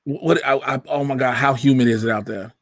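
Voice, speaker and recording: Brief: young Chicago man, podcast host, loose profane chat, animated, dry close sound. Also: mid-range voice, a little fast, no room sound. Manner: profane, laughing, animated storytelling. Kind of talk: casual chat.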